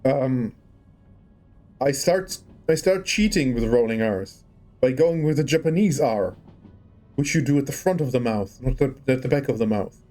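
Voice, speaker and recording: A man's voice: medium pitch, expressive, moderate pace, warm tone, soft background music. A man casually chatting on a livestream while playing a game, musing and rambling as he tries out rolled R's. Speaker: game streamer.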